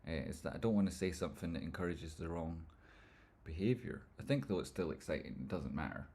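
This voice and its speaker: A man hosts a casual livestream with a slightly low voice, joking and rambling as he reads out viewer messages. He hops quickly between silly banter and market analysis in a loose, chatty way. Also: animated, dark tone. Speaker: livestream host. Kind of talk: casual livestream chat reading viewer comments.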